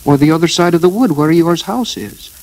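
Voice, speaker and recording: A man voicing a tiny, timid piglet in a high, squeaky, quick and nervous voice. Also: expressive, darkish tone, poor audio.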